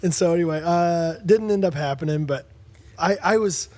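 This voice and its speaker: A man with a fairly high speaking voice, co-hosting a podcast and chatting casually. He tells stories with energy and slips into the voices of the people in them. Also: normal speed. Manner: animated storyteller, acts out dialogue. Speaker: podcast co-host. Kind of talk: casual chat.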